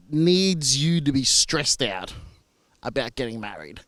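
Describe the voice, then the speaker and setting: A man's voice: medium pitch, big pitch swings, measured pace, a bit bright, dry recording. A man from Australia with an Australian accent, a marriage celebrant talking casually and reassuringly to camera with frequent fillers and restarts.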